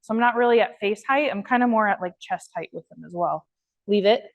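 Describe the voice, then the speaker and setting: A woman dog trainer leading an online class, explaining steps and praising her dog in a high, happy voice between instructions. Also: fairly quick, dull audio.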